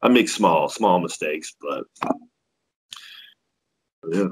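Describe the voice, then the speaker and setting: A ring announcer guesting on a podcast tells stories in a laid-back, profane, self-deprecating manner. His husky voice sits low and is expressive and slow, and the recording is rough.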